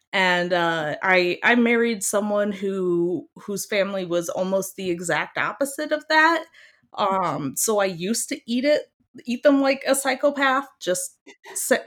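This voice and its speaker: A young woman from Iowa chatting casually as a guest, animated and emphatic, often laughing. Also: medium pitch. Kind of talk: casual chat.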